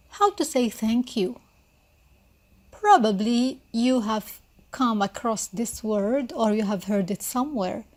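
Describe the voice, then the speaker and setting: A woman gives a beginner language lesson at an unhurried pace. Her voice sits slightly high. She repeats each word patiently so the learner can follow along. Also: darkish tone. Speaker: Arabic teacher.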